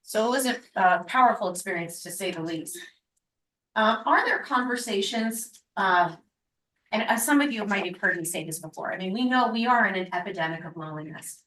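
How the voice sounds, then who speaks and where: A woman's voice: medium pitch, expressive, a little fast, fairly bright tone. A woman on a school board, earnestly asking a rambling question. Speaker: board member. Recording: echoey room with faint noise.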